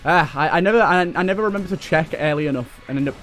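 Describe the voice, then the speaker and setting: A young man giving excitable running commentary while playing a video game, talking back to enemies on screen. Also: on the high side, fast. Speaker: let's play host. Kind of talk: gameplay commentary. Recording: faint game music behind.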